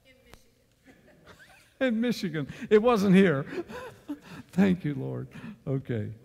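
A man's voice: high voice, very animated, slow pace, gravelly, in a large hall. Man teaching a church Bible class. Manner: storytelling with sudden loud emphasis. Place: church meeting room.

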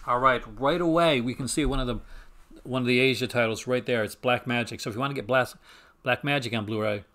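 A man's voice: mid-range voice, fast, a bit bright. A man hosting a casual home stream, talking in a rambling, enthusiastic way with frequent restarts and self-corrections. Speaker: host. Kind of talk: casual chat.

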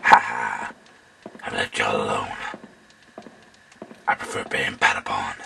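A man voicing a menacing stalker who taunts the heroine in a very deep, gravelly voice. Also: steady tone, a little slow, bright, forceful tone, slight background noise, heavily acted. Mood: taunting. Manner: mocking, gloating.

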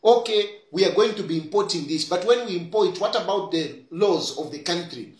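Animated Zambian man, roomy sound. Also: sits high, moderate pace. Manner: argumentative, rhetorical questions, mixes English with Bemba. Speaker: political commentator. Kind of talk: animated political commentary.

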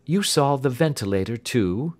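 A man reading an audiobook who voices a keen, confident Victorian male detective, raising his voice and explaining briskly. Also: medium pitch, voice pushed up, close to an everyday voice. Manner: brisk, lively, lecturing.

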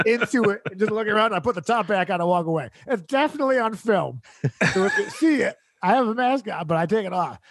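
High-voiced man telling a rambling comic story. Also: lively intonation, fast talker, no room sound, studio quality. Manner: rambling, exasperated, laughs mid-sentence. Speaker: comedy podcast host. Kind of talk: casual comedic storytelling.

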